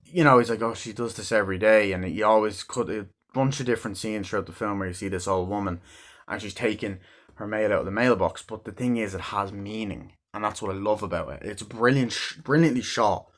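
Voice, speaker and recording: A man with a fairly low voice talks through a film in a casual review. He rambles, swears freely and jumps into raised voices to act out the scenes he describes. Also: a little fast, a bit bright. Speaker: movie reviewer.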